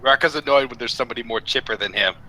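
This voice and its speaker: A man's voice: medium pitch, rapid-fire, sharp tone, slight background noise, rough recording. A man playing a tabletop game, talking casually with frequent stammers. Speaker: player.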